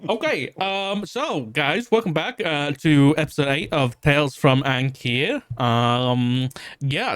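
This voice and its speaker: A man's voice: mid-range voice, fairly bright tone, smooth. A man serving as game master, recapping a tabletop campaign in a casual, laid-back way. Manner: casual, laid-back storytelling with loose asides.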